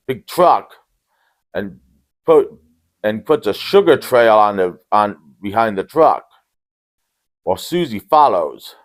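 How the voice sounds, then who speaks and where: A man giving a casual, rambling movie recap with deadpan jokes and frequent restarts. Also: on the low side, slow, long pauses. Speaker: movie reviewer.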